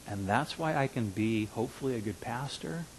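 A man in his fifties preaching a sermon as a pastor, earnest, dropping to hushed asides and rising to emphatic declarations. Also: mid-range voice, expressive, normal speed, a little hiss or hum, rough recording. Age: 50s.

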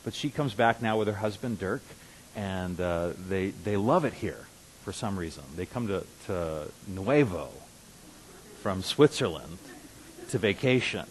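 A man's voice: low-pitched, expressive, a little slow, rough recording. A man preaching a conversational sermon as pastor, who repeats and restarts words and rises to emphatic bursts. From Russia. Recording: faint hiss.

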